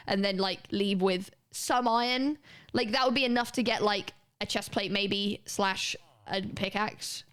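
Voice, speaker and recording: Chatty woman game streamer. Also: mid-range voice. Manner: chatty and rambling, swears casually. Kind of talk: casual gaming commentary.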